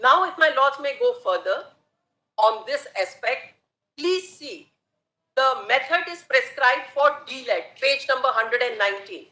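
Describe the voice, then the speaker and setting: A woman advocate with an Indian English accent making a formal, measured argument in court, deferentially addressing the bench. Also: sits high, expressive, sharp tone. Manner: measured, deferential, repeatedly saying "my lords". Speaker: advocate arguing a case. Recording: echoey courtroom audio.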